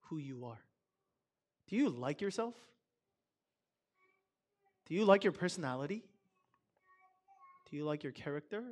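A man speaking at a Sabbath church service through a microphone, talking loosely and conversationally and putting question after question to his listeners. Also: high voice. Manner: conversational, asks the audience many questions; loose and chatty, filler words. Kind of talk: casual talk to a congregation.

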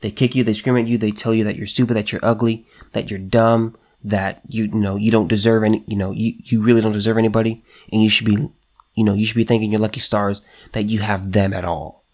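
A man's voice: on the low side, level tone, fast talker, a little mellow. A man hosting a solo commentary show, talking emphatically, repeating himself and restarting, and reading news items aloud.

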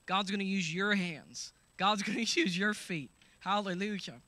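A man preaching a sermon, reading scripture aloud, calling out hallelujahs and shouting the healing commands. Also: sits high, moderate pace, few pauses, dry recording. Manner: calls out to the congregation with hallelujahs.

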